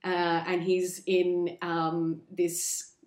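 A woman hosting a podcast, chatting casually and rambling as she recaps a film, acting out the characters in quick asides. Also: fairly low pitch, completely flat delivery, darkish tone, echoey room. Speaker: podcast host.

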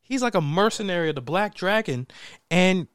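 A young man talking in a casual chat, his voice swinging widely in pitch as he rants and laughs. He acts out characters in quick quoted voices. The recording is close and dry. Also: animated, fairly bright tone, clean tone, no room sound. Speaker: podcast co-host reviewing a film.

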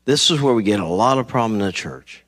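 A man pastor preaching a sermon, telling a personal story with animated delivery and acting out conversations. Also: fairly low pitch, fast talker. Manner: animated, acts out conversations, laughs at himself. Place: church sanctuary.

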